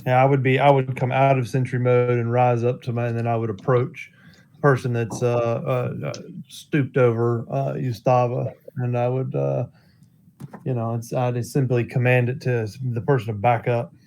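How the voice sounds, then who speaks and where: A man talking as a player in a tabletop game, halting and hesitant. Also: medium pitch, gravelly, slight background noise. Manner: halting, flat. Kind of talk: casual tabletop chat.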